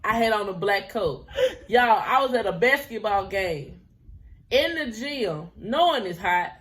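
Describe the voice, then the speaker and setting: A woman's voice: medium pitch, expressive, a little slow, fairly bright tone. A woman in her twenties telling a personal story to her viewers in a casual, chatty way. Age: 20s. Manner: chatty, laughs often, drifts into quoted dialogue.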